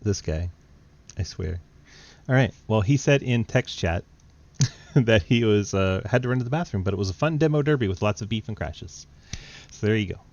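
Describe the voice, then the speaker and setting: Relaxed teasing male race host, dull lo-fi sound. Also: on the low side, normal speed, long pauses. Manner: laid-back, teasing, laughs often. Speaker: broadcast host interviewing drivers. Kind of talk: casual post-race interviews.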